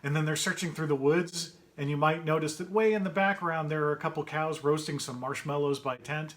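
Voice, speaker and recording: A man reading his own picture book aloud to children, chatty and gentle, pausing to point out pictures and ask questions. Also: fairly even intonation. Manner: puts on brighter higher voices for characters' quoted lines. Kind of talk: read-aloud story time for children.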